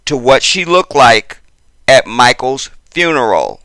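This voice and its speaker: A man's voice: medium pitch, sing-song, slow, sharp tone, no room sound. A man hosting a casual commentary video, talking straight to his viewers and getting worked up as he repeats himself. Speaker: channel host.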